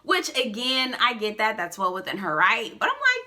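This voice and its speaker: A woman chats through a casual recap, sassy and expressive, with frequent asides. Her voice is very bright and sharp, and her pitch climbs and dips in a lively way. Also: normal speed, hardly any pauses, slight background noise. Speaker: reality show recap vlogger.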